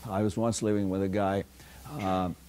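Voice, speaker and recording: An older man lectures a university class, a somewhat low voice. He rambles through anecdotes, stopping often for fillers and starting sentences over. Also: flat delivery, moderate pace, dark tone. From United States. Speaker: philosophy lecturer. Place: lecture hall.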